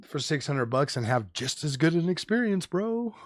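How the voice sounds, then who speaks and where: Animated profane streamer, slangy rant. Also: male voice, a little high, moderate pace, no echo, studio quality. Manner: animated, profane, slangy with frequent "bro" and "dude". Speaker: tech streamer host. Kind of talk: casual live-stream rant.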